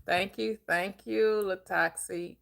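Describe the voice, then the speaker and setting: A woman hosting a live-streamed book club, upbeat and chatty, greeting viewers with quick repeated words. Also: mid-range voice, steady tone, gravelly, a bit bright. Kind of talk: live-stream chat and discussion.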